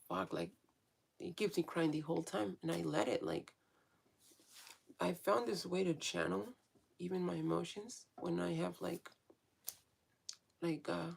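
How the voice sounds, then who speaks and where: A woman's voice: fairly low pitch, creaky, a little mellow, a little hiss or hum. A woman vlogger talking frankly in a casual, rambling monologue, swearing freely and restarting often.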